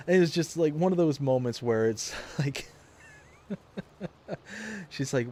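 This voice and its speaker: A man's voice: mid-range voice, a little slow, long pauses, darkish tone, slight background noise. A man live-streaming a farming game from his home office, chatting casually in a rambling, jokey way and chuckling often. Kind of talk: casual chat while gaming.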